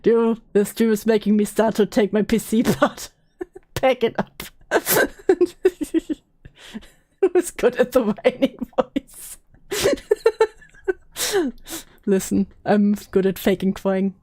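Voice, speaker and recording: Young woman, casual stream talk, slow unhurried pace, emotional, swears a lot. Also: fairly high pitch, expressive, mellow, no echo, clean studio sound. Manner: emotional, swearing, laughing often.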